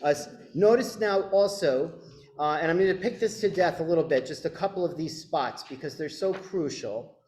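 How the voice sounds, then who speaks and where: A man's voice: on the high side, moderate pace, a little mellow, echoey room. A man directing a choir rehearsal, coaching singers and demonstrating phrases. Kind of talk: rehearsal instruction.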